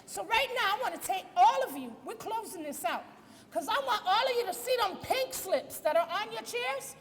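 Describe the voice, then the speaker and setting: A fiery woman rallies a crowd with a very high, piercing, bright voice, full of defiance and punchy call-outs. The sound comes through a microphone into a large echoing space, with the crowd murmuring behind her. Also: lively intonation, moderate pace. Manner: fired up, defiant, calls out to the crowd, shouts lines. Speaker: advocacy group director speaking at a rally. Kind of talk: fiery rally speech. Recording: echoey hall with crowd and noise.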